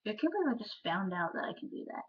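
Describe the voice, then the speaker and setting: A teenage girl rambling in a casual vlog chat, full of "like" and quick asides. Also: medium pitch, very animated, husky. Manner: chatty, rambling, lots of "like". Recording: lo-fi webcam audio.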